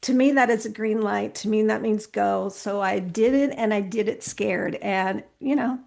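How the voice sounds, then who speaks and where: Gravelly-voiced earnest woman podcaster. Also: mid-range voice, moderate pace. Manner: earnest, animated, with many restarts. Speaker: podcast host interviewed as guest. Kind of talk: casual conversational interview.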